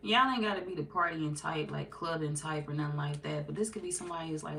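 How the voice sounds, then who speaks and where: A woman's voice: sits low, quick pace, vocal fry, hardly any pauses, bright, forceful tone, a little hiss or hum. A woman giving a casual, chatty tarot reading to her viewers, laughing often and slipping into playful quoted voices. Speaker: tarot reader.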